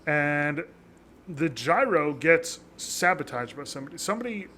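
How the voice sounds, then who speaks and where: A man's voice: fairly high pitch, animated, moderate pace, sharp tone, slight background noise. A man co-hosting a casual podcast, rambling with lots of fillers and frequent laughter. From North America. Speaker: podcast co-host.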